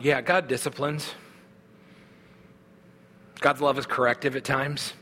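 A pastor delivers a sermon in a conversational, earnest manner, often circling back with small restarts. His voice is bright and forceful, at a middle pitch for a man. A long hall reverb trails behind his words. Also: flat delivery, unhurried.

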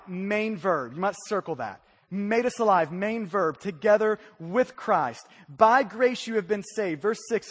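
A male pastor delivers a sermon in a strikingly high voice. He swings from hushed, quiet lines to loud, emphatic ones. His words ring out in the long reverb of a large church hall. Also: sing-song, normal speed, breathy edge. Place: church sanctuary.

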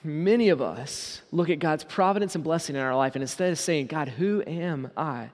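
A man with a fairly high voice delivers a sermon as pastor. He presses his listeners with rhetorical questions and slows down to stress his points. His voice rings out with a long reverb, as in a large church hall. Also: a little mellow. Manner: preaching with many rhetorical questions, slowing down for emphasis.

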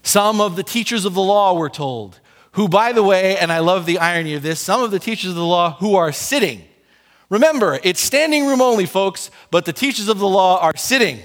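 A man preaching a sermon as pastor, conversational and animated, acting out little asides for his congregation. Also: sits high, normal speed, long reverb tail.

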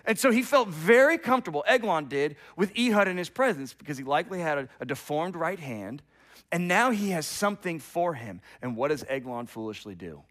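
Preaching fairly quickly in a slightly high, expressive voice, a middle-aged pastor animates the story of his sermon. His volume climbs loud then falls to a hush, and he often repeats words when beginning a thought.

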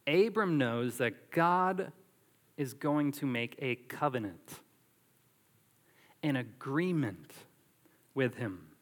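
A man preaching a sermon as pastor, animated and emphatic, drawing on everyday illustrations. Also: mid-range voice, takes it slowly, long pauses, long reverb tail.

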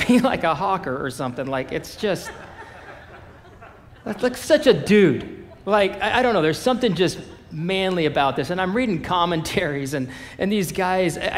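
A male pastor preaching a sermon in a casual, animated storytelling manner. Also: fairly high pitch, normal speed, big-room sound.

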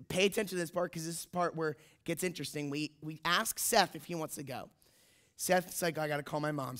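A man in his twenties, a youth pastor, telling an animated story in a sermon and acting out the voices in it. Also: sits high. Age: 20s.

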